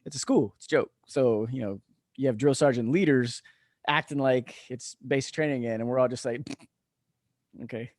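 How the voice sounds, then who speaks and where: Over a remote call, a retired veteran guesting on a podcast spins casual stories at a brisk pace, cursing freely and chuckling throughout. He has a mid-range, slightly mellow voice, and the recording is studio quality with no echo.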